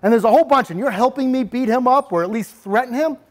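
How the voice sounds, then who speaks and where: A man's voice: very high voice, quick pace. A man giving a talk on bullying prevention to parents, animatedly speaking in the first person as a bully. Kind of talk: lecture with role-play.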